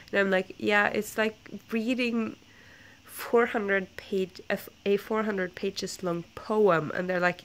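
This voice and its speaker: A woman's voice: mid-range voice, fairly even intonation, unhurried, a bit bright. A young woman with a stuffy nose from a flu, telling a rambling story in a casual vlog, full of fillers and self-corrections. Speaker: book vlogger.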